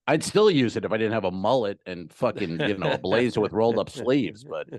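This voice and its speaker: Low-voiced man, chatty comedy podcast host. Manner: animated storyteller, swearing, does quick impressions in stories. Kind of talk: casual comedy podcast chat.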